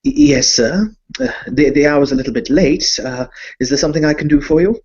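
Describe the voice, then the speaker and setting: A man's voice: fairly high pitch, lively intonation, a little fast, darkish tone, breathy edge, lo-fi sound, voice pushed up. A man doing a nervous, stammering little doorman. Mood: deferential. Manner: stammering, deferential. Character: small, nervous male bank doorman in a powdered wig.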